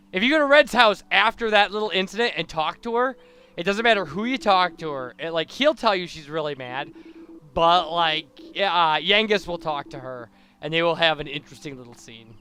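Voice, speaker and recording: A man talks through his video game playthrough in a bright, high, upbeat voice. He chats casually and laughs often. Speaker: gaming video host. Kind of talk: casual gameplay commentary.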